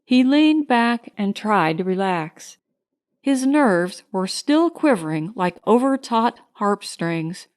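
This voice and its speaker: A woman narrating a science fiction short story in a steady, measured storytelling manner. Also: mid-range voice. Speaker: audiobook narrator. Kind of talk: scripted narration.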